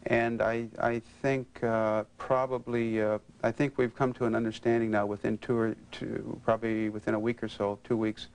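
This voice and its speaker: Halting, stammering man voicing anger. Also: fairly low pitch, level tone, darkish tone, smooth, poor audio. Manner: hesitant, stammering restarts, simmering anger. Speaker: client in a counseling interview. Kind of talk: halting emotional disclosure.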